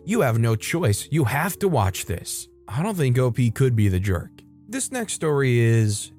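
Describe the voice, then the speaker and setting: A man reading online stories aloud in a steady, conversational way and adding brief comments of his own. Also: mid-range voice. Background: faint background music.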